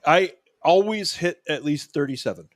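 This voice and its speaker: A man's voice: on the high side, animated, moderate pace, dry recording, studio quality. A middle-aged American man co-hosting a casual political talk show, blunt and profane, reading articles aloud with sarcasm. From United States. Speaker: co-host.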